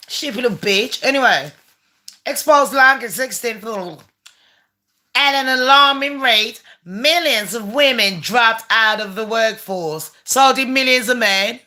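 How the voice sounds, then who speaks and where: A woman's voice: sits high, measured pace, sharp tone. Foul-mouthed woman ranting sarcastically. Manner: profane, sarcastic, mocking. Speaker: channel host. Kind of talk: ranting commentary on a letter.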